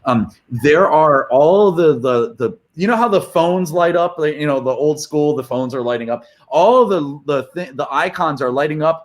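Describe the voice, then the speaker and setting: A man's voice: on the high side, animated, moderate pace, hardly any pauses. Enthusiastic joking male host. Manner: enthusiastic, joking, many fillers. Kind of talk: virtual summit hosting. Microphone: video call.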